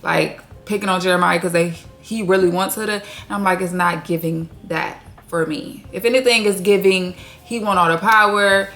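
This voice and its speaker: A woman's voice: on the low side, fairly even intonation, moderate pace, few pauses, a bit bright, soft background music. A woman hosting her own video channel, giving a casual, blunt and profane reality TV recap full of slang. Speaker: YouTube recap host.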